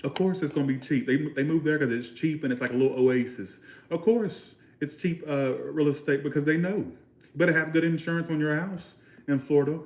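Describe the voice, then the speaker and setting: A man's voice: a little high, fairly quick, darkish tone, echoey room. A man from Georgia with a Southern US accent, rambling bluntly in a casual livestream chat with viewers. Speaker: channel host.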